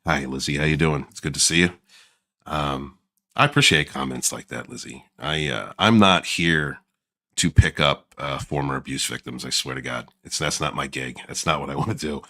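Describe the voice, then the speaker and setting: A man putting on a deep, slow, crooning seducer voice in the style of a soul singer, talking to his livestream chat. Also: sharp tone, full character voice. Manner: low, slow, suggestive crooning.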